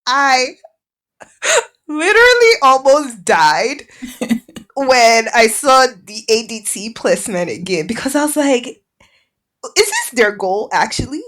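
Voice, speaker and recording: A woman guest on a podcast, chatting casually about a show in an incredulous, expressive way. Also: on the high side, takes it slowly, long pauses. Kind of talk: casual recap chat.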